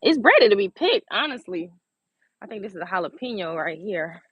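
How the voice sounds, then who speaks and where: A woman's voice: medium pitch, big pitch swings, fairly quick, slightly rough, dry recording, dull audio. A young woman chatting bluntly and playfully on a phone livestream from her garden. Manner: sassy, blunt, laughs often. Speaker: livestream host. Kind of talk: casual livestream chat. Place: outdoors in a garden.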